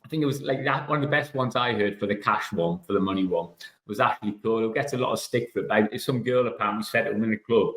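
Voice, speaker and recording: A middle-aged man, a former footballer hosting a podcast, trading anecdotes in casual chat, his voice jumping up when he gets animated. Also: fast talker. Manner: chatty anecdotes, leaps up in pitch when animated. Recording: roomy echo.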